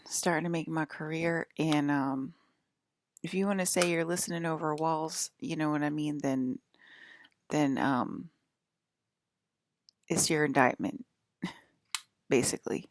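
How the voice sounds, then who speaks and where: A woman's voice: low-pitched, fairly even intonation, a little slow, long pauses, no echo. A woman in her thirties from the US East Coast with an East Coast accent, rambling casually to her viewers, laughing often and sometimes dropping to a whisper. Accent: American East Coast. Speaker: vlogger.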